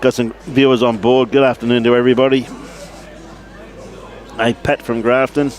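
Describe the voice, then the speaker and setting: A man's voice: mid-range voice, little pitch movement, normal speed. A man with an Australian accent giving casual live commentary on lawn bowls outdoors at a club, chatting and greeting viewers by name.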